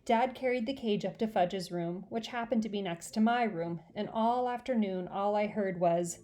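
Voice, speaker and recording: A woman teacher reading a chapter book aloud to her class. Her voice is mid-pitched and her delivery is warm and expressive. She tells the story in steady, clear narration. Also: normal speed. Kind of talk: children's book read-aloud.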